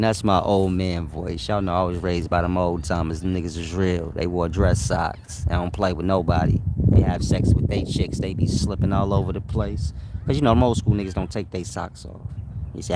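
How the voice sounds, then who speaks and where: A man's voice: sits low, steady tone, normal speed, a little mellow, slight background noise. A man hosting a casual livestream, joking in slang and often laughing. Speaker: host.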